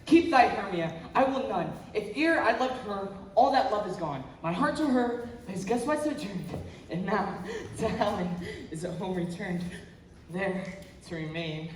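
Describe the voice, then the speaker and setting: A woman's voice: medium pitch, animated, unhurried, lightly acted. A young woman playing a proud young male suitor, declaiming verse on a school stage, recorded from far off. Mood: dismissive. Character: proud lovestruck young man Demetrius. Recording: echoey hall from far off, noisy.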